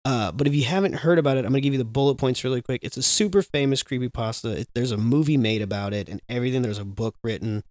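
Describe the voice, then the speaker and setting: Casual, profane podcast host. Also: male voice, medium pitch, fast talker, few pauses, a little mellow, no echo, clean studio sound. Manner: loose, profane, rambling and joking.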